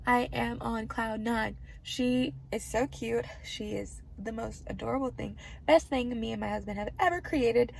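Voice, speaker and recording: A woman vlogging from a hospital room as a pregnancy vlogger, chatting to camera in a bubbly, gushing, excitable way. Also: on the high side, moderate pace, vocal fry, few pauses, a little hiss or hum. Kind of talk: casual chat to camera.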